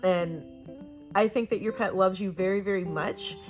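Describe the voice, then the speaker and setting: A young woman giving a casual, chatty tarot reading to camera, gushing and talking with lively swings in pitch. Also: moderate pace. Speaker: tarot reader. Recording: soft guitar music behind.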